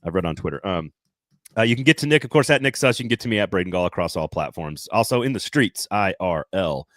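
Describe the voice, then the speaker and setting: Male sports podcast host, lower voice, rambling and jokey, dry close sound. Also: lively intonation, fast talker, fairly bright tone, dry recording. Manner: loose, rambling, jokey delivery. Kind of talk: casual sports talk.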